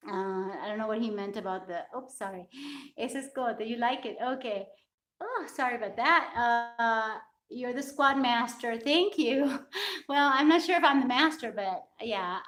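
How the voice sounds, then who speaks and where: A fitness coach with a high-pitched, fairly bright voice hosts a casual live stream, chatting effusively and repeatedly thanking her viewers. Her voice echoes around the room.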